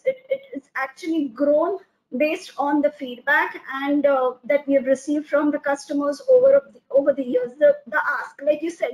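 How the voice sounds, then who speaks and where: A woman with a high voice speaks as a guest on a business webinar. She talks haltingly, with frequent fillers and repeated words as she gathers her thoughts. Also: poor audio. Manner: hesitant, many filler "uh"s and restarts. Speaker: company founder and CEO, guest. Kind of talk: webinar panel talk.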